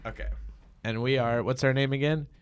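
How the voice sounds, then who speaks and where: A man's voice: medium pitch, fairly even intonation, a little fast, clear, resonant tone. A man hosting a comedy podcast, joking and rambling, laughing often before an improv scene. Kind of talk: casual comedy chat.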